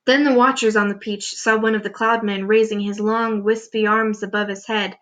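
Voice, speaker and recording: Bright-voiced woman reading aloud to children. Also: medium pitch, moderate pace. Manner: expressive storytelling, showing pictures. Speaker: teacher. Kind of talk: children's book read-aloud.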